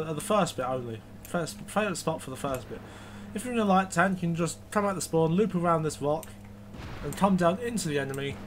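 A man's voice: on the high side, noisy background. A man giving rambling, self-correcting commentary while reviewing a video game. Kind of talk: gameplay commentary.

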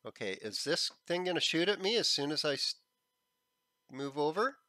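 A man hosting a gaming channel, chatting casually as he plays, thinking aloud and often clearing a frog in his throat. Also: fairly high pitch, sing-song, moderate pace, sharp tone, no room sound, studio quality. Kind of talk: casual gameplay commentary.

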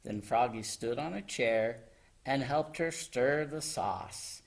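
A man, a children's librarian, reading a picture book aloud from home in an animated, expressive storytelling voice. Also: mid-range voice, takes it slowly, vocal fry. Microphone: home recording.

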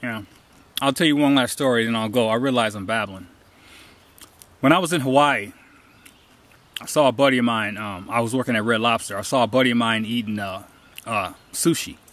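A man's voice: mid-range voice, a little fast, long pauses, a bit bright. A man talking casually while hiking outdoors, telling stories and giving emphatic advice in a rambling way, recorded on a handheld camera. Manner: rambling, storytelling, emphatic asides. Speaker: hiker vlogger. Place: outdoors on a trail.

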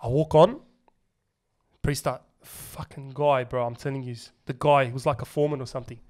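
Fast-talking young Australian man. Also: mid-range voice. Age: young adult. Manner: animated, slangy, swears often. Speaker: podcast host. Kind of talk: casual storytelling chat.

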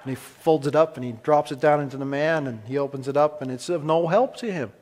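Male pastor preaching in an echoey hall. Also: a little high. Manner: dramatic pauses, swings from emphatic to hushed. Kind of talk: sermon.

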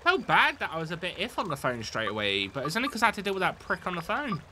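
Excitable streamer with a wildly swinging pitch. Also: very fast, slight background noise. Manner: chatty, excitable, swears casually. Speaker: live streamer. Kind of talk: casual live gameplay commentary.

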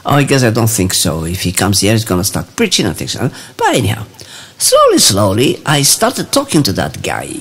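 Male host, anecdote monologue, husky voice, very animated melody. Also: lowish voice. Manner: storytelling with frequent pauses and restarts. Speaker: channel host.

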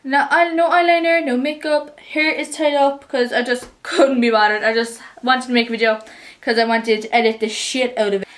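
A woman's voice: on the high side, fairly even intonation, moderate pace, a bit bright. A teenage girl with an Irish accent chatting to the camera in a casual, rambling and upbeat way. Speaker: vlogger.

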